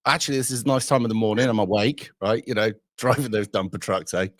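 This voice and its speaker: A man's voice: fairly low pitch, fast, no room sound, clean studio sound. A man from southwest England, hosting a livestream with sweary, mocking banter. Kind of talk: casual online banter.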